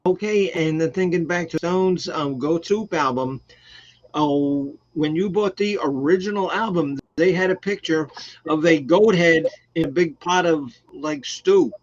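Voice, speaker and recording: Man, host, high voice, unhurried delivery, blunt and profane, dull lo-fi stream audio. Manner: loud, blunt and profane, reading out chat comments. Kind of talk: casual chat.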